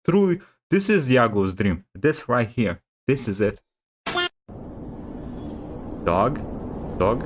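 A man from Bulgaria hosting a reaction video, reacting out loud with blunt, swear-laden casual commentary. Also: medium pitch, very animated, takes it slowly, long pauses, background noise. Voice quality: swears often, blunt exclamations.

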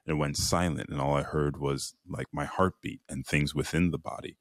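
A man's voice: extremely low pitch, moderate pace, hardly any pauses, no echo, clean studio sound. A man from Chicago, a podcast guest, telling a personal story earnestly and reflectively, voicing the inner questions he heard. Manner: earnest, lively retelling with quoted inner voices.

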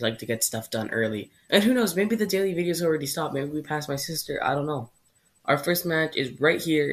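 A young man from Canada hosts a casual football vlog with a mid-range voice. He rambles through his picks in a chatty, offhand way and stumbles over hard names. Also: medium pitch. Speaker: football channel host.

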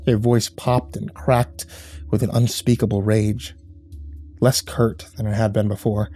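A man telling a first-person horror story as scripted narration, grim and measured. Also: mid-range voice, mellow.

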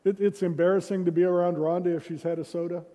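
A man's voice: high-pitched, level tone, fast talker, mellow. A man preaching a sermon as senior pastor, in a conversational way with self-deprecating humor, recorded in a church sanctuary. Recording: reverberant church hall.

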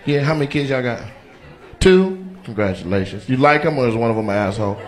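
Soft music plays behind a medium-pitched male comic who talks at a quick pace with lively intonation. Roasting audience members through profane, brash crowd work, he draws laughter and cheers from the live audience at the comedy venue.

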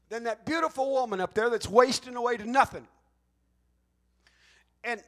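A man with a notably high voice preaches a Pentecostal sermon. He talks to the congregation in a folksy, joking way and swings from quiet asides to loud, emphatic shouting. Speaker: pastor.

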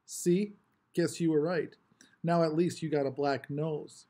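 A man's voice: a little high, fairly even intonation, a little slow, warm tone. A man voicing a cocky, taunting teenage boy who talks in swaggering slang.

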